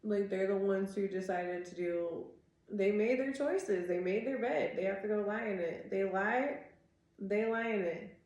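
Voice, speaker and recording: A woman's voice: mid-range voice, a little slow, darkish tone, dull audio. A woman in her thirties giving a casual tarot reading, ranting in a rambling, exasperated way, swearing often and filling her talk with "like". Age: 30s. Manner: rambling, exasperated and profane, full of "like". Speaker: tarot reader. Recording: echoey room.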